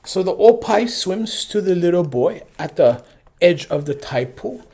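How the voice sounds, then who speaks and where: A man telling a folk tale as storyteller and teacher, unhurried and conversational. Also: high voice, animated, breathy edge. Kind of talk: musical folk storytelling with ukulele. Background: soft ukulele.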